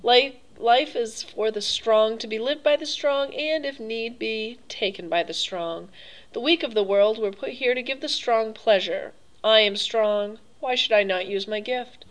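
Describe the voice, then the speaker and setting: Woman doing a smooth mocking old aristocrat, pleased with himself, cruel under the manners, audiobook. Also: fairly high pitch, unhurried, natural voice, rough recording. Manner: urbane, mocking, coolly pleased. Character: suave, cruel older male aristocrat hunter. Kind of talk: audiobook reading.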